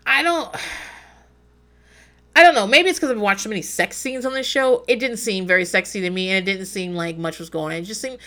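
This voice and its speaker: A reality-show recap podcast gets a casual chat from its host, a woman in her forties who digresses, swears, and laughs at herself. Her mid-range voice is pushed and bright, and she talks fairly quickly.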